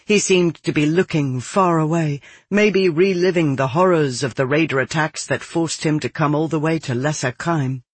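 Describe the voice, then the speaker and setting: A man reading a dark first-person novel aloud in a measured, grim storytelling manner. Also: on the high side, slightly rough, dry recording. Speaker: audiobook narrator. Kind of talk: scripted first-person fiction narration.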